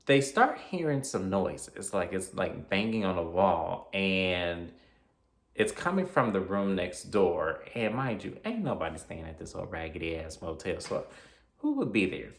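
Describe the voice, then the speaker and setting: A man recaps a horror film in a casual vlog, telling it with slang and lively commentary. His voice sits low. The sound carries a roomy echo. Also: unhurried, creaky. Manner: slangy, animated storytelling with acted quotes. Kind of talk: casual vlog retelling a movie plot.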